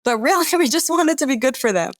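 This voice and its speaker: A woman from Atlanta, a parenting expert talking as a guest in a casual podcast interview, chatty and expressive with lots of "like". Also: high-pitched, fast, dry recording, clean studio sound. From Atlanta, USA. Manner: chatty and expressive, heavy use of "like".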